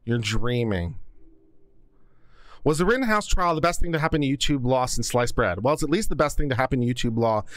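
A man's voice: on the high side, fast, hardly any pauses, dry recording. Chatty, geeky male stream host. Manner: self-described geek, rambling and chatty; gets loud and projects when excited. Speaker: law commentary host. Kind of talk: live stream chat, answering viewer questions.

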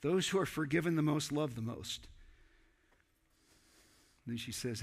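A man preaching a sermon as pastor, animated and acting out dialogue with sudden loud outbursts. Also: on the high side, measured pace. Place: church sanctuary. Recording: church hall with long reverb.

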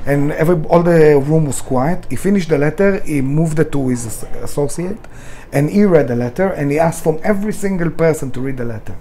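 A man's voice: on the high side, fairly quick, warm tone, slight background noise. A middle-aged man, a restaurant owner telling his story with passion, emphatic and swearing freely, in English. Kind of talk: storytelling in a conversation.

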